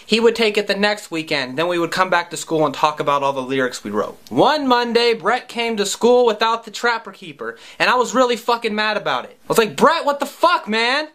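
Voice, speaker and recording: A man's voice: sits high, animated, fairly quick, hardly any pauses, a bit bright. A man around thirty, a musician, telling a comic personal story in a wry, profane, self-mocking way. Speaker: musician and vlogger.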